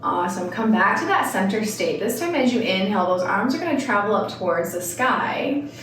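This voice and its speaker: A woman instructor guiding a yoga class, calmly cueing breath and movement with casual, rambling asides. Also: mid-range voice, brisk, a little hiss or hum. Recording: echoey room, mic at a distance.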